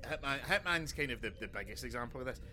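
A man's voice: medium pitch, lively intonation, fast, bright, forceful tone, slight background noise. A man co-hosting a casual podcast chat, rambling and sweary, full of restarts and tangents. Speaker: podcast co-host.

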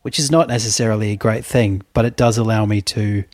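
A man in casual conversation, wry and critical, jumping his pitch up for mocking quotes. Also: steady tone, fairly quick, a little mellow, dry recording. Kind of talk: casual chat.

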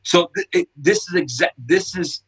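A middle-aged man, a skate shop owner, telling animated casual stories with lots of swearing and loud acted-out quotes. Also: fairly high pitch, moderate pace, husky, low-quality recording. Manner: excitable, swearing, acts out quotes loudly. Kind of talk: casual storytelling.

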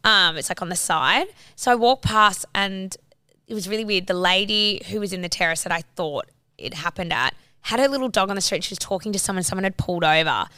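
A woman's voice: mid-range voice, lively intonation, brisk, pushed and bright, clean tone, no room sound, studio quality. A young woman in her twenties, telling a story in a rambling casual chat full of "like"s and swearing.

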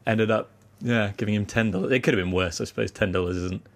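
A man's voice: lowish voice, steady tone, fast. A young British man co-hosting a casual podcast chat, telling anecdotes and laughing often. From Britain. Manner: chatty storyteller, laughs often. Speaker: podcast co-host.

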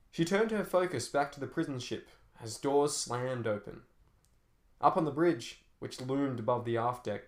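A man reading a novel aloud in a measured, dramatic storytelling manner. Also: mid-range voice. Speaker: narrator. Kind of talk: scripted audiobook narration. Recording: roomy echo.

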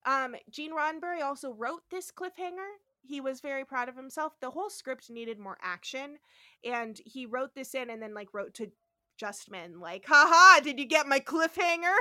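Bright high-voiced woman podcaster. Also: normal speed. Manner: animated, swears freely, acts out characters' lines. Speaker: podcast co-host. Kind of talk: casual chat recapping an episode.

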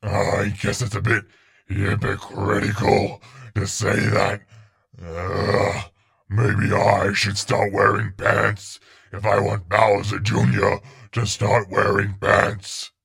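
A man voicing a big spiky turtle monster father who is sheepish, talking slowly and haltingly in a flat gravelly voice. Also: fairly low pitch, heavily acted. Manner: slow, halting, flat delivery.

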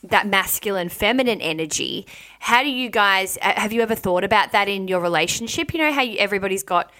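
A woman's voice: mid-range voice, lively intonation, quick pace, bright, forceful tone. A young woman hosting a casual podcast chat, thinking aloud in a reflective way as she shapes her questions. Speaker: podcast host.

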